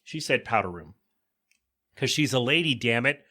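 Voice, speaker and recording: A man hosting a podcast, recapping a sitcom episode in a casual, joking way and quickly voicing the characters' lines. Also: mid-range voice, lively intonation, sharp tone. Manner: chatty, joking asides, quick quoted voices of characters. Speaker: podcast host.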